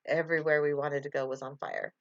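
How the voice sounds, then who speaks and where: A woman's voice: low-pitched, little pitch movement, quick pace, no echo, muffled recording. A woman hosting a casual live stream, chatting loosely, laughing often and answering viewer comments.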